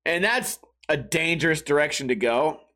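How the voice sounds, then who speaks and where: A man's voice: fairly high pitch, normal speed. A young adult man ranting casually and profanely, acting out other people's voices. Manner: profane, animated, acts out yelling voices.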